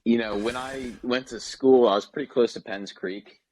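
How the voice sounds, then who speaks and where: A young man from Maryland, a podcast guest telling stories in an animated way and laughing as he talks. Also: mid-range voice, normal speed, a little hiss or hum, rough recording. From Maryland, United States. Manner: animated storytelling, laughs while talking. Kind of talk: casual chat.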